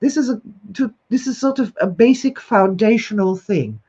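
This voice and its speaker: A woman's voice: a little high, normal speed, breathy edge. Enthusiastic woman hosting a livestream. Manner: enthusiastic, expressive, laughs often. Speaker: host. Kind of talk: livestream talk greeting viewers. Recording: slightly dull lo-fi recording.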